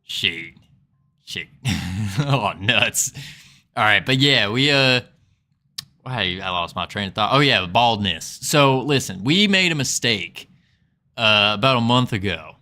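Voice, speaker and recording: A man's voice: lowish voice, expressive, slow, pauses often, sharp tone, heavily acted. A man putting on a jokey Southern US accent as a folksy cowboy streamer, drawling and chuckling at himself. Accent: put-on Southern US.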